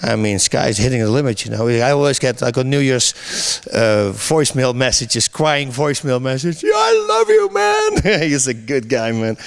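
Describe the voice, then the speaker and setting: Animated middle-aged man telling stories. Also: mid-range voice, moderate pace, few pauses, smooth. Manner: animated storyteller, laughs often, many restarts. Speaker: interview guest, MMA commentator. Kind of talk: casual interview chat.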